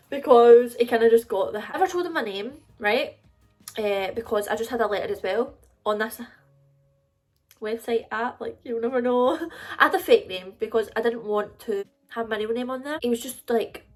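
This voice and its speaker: A woman's voice: a little high, fairly quick, darkish tone. A woman in her twenties with a Scottish accent, chatting in a casual storytime vlog, confiding and filler-heavy. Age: 20s. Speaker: vlogger.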